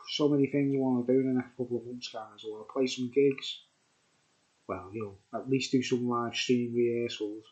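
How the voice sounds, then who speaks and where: A man's voice: mid-range voice, darkish tone, highs cut off. Rambling man with a Birkenhead Scouse accent. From Birkenhead, England. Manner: rambling, repeats "you know what I mean". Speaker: beer review vlogger. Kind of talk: rambling casual vlog chat.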